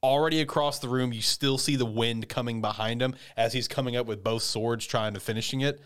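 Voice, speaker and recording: A man casually recapping an anime episode, rambling and swearing, who jumps into squeaky high voices when he acts out the characters. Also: steady tone, a little fast, a bit bright, clean tone.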